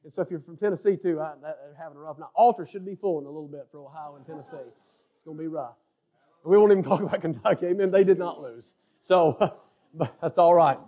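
A man preaching a sermon as pastor, building to shouted emphasis and dropping into joking asides. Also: on the high side, quick pace, muffled recording.

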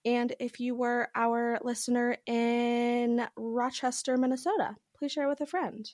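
A woman's voice: a little high, no echo. Chatty young woman podcaster, dry close mic. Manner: chatty, animated, quick asides. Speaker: podcast co-host. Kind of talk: casual chat. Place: home.

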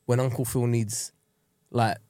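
A man's voice: mid-range voice, measured pace, no room sound, studio quality. A young man, co-hosting a casual podcast chat and retelling a show with put-on voices. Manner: animated storyteller, puts on character voices in retellings. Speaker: podcast co-host.

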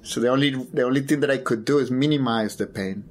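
With a mid-range voice, a man who works as a photographer recounts something personal in an interview. He hesitates and repeats words as he gropes for them, and a little hiss or hum is audible.

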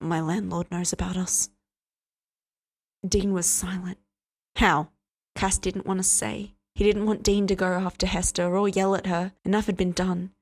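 A woman reading a story aloud as audiobook narrator in a steady, even manner. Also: medium pitch, moderate pace, few pauses. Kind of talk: scripted narration.

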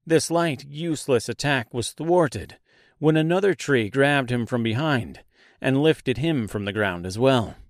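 A male audiobook narrator reading dark fantasy in a measured, unhurried way. His pitch sits in the middle and the pace is slow and deliberate. The recording is dry and close, with no room sound. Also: lively intonation, no room sound.

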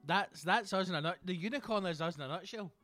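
A Glaswegian Scottish man riffs through a comedy podcast, swearing constantly and putting on voices for the people in his stories. His pitch sits mid-range, and faint music runs under him. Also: fast talker, fairly bright tone, no room sound. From Scotland. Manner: sweary, rambling, acts out characters. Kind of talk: solo comedy podcast monologue.

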